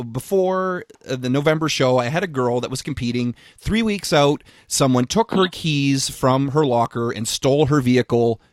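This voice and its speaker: A man and fitness coach co-hosting a podcast, talking in an emphatic, energetic way with frequent restarts and repeated words. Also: mid-range voice, dry recording, clean studio sound. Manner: casual swearing. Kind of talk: casual podcast chat.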